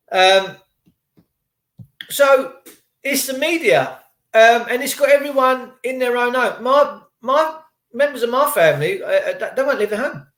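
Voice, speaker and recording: A man's voice: sits high, a bit bright, reverberant. A man ranting in a rambling, indignant commentary, full of rhetorical questions. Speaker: vlogger.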